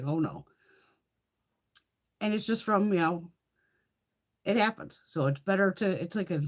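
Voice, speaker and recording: A woman hosting a beauty livestream, rambling casually with lots of swearing and laughter. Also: on the low side. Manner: rambling, profane, laughs often. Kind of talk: casual livestream chit-chat.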